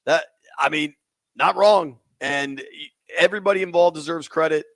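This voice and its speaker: A man's voice: on the high side, normal speed, fairly bright tone, no room sound. A man hosting sports talk radio, taking listener calls in a casual, slangy way.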